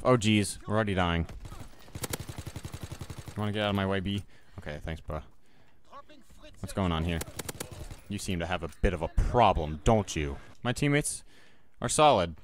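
A young man's low-leaning voice comes through with slight hiss or hum as he provides live commentary on his gameplay. This gaming YouTuber jokes, mutters to himself and viewers, and lets out sudden yelps.

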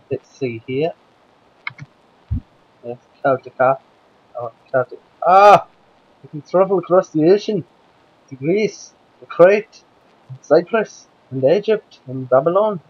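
A man's voice: on the high side, expressive, slow, pauses often, slightly rough, muffled recording. A man with a Scottish accent giving playful, chatty gameplay commentary and bossing around the characters in his game. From Scotland. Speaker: let's play host.

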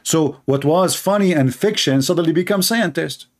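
A man's voice: a little high, moderate pace. A man with an Arabic accent and Arabic as his first language, delivering a sarcastic, mocking monologue as a commentator, in broken grammar with repeated words. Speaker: Christian apologist commentator.

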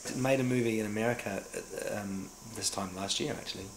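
Middle-aged New Zealand actor, fairly low voice, animated storyteller, echoey room with faint ambience. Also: male voice, fairly quick, vocal fry, slight background noise. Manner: animated storyteller who acts out remembered dialogue. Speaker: actor and director interviewee. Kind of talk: casual anecdotal interview.

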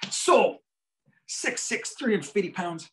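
Animated, joking male psychologist lecturing. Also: sits high, slow pace, slight background noise, poor audio. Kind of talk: storytelling lecture.

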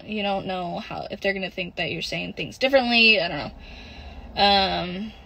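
A young woman on a phone livestream, venting and close to tears, halting, with lots of "like" and "literally" as she reads comments. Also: medium pitch, creaky, bright, forceful tone, slight background noise, poor audio. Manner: frequent "like" and "literally", halting and upset. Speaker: livestream host. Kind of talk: casual livestream chat, reading comments.

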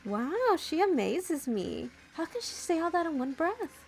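A woman's voice: very high voice, big pitch swings, a little slow, a little mellow, soft background music, voice pushed up, exaggerated voice, low-quality recording. A woman reading the lines of an amused adventurer companion in a video game.

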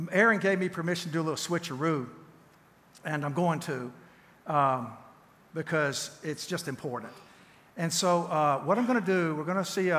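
A Southern-accented man in his sixties teaches from a church stage in a folksy, conversational way, often restarting his words. His voice sits a little high for a man. The long church reverb trails behind every phrase. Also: a bit bright. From Tennessee, USA. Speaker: guest speaker and counselor. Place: church sanctuary.

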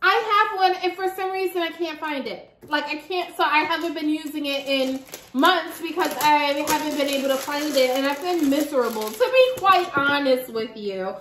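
A young woman talks straight to her viewers while unboxing beauty products, chatty and quick to giggle. Her voice sits high and bright. The room around her rings with echo. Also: a little hiss or hum. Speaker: beauty vlogger. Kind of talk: casual unboxing chat.

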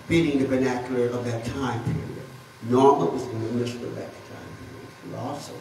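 A man's voice: medium pitch, mellow, slight background noise. A man on a festival panel telling rambling anecdotes about dance history, with laughs in between. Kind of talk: storytelling talk. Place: large hall at a festival. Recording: echoey room from far off.

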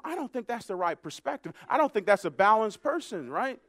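A man preaching in a church. His voice sits very high, and he swings from soft, hushed stretches to ringing shouts. The sound is close and dry, with almost no room echo. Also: big pitch swings, brisk, few pauses. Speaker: pastor. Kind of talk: sermon. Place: church sanctuary.

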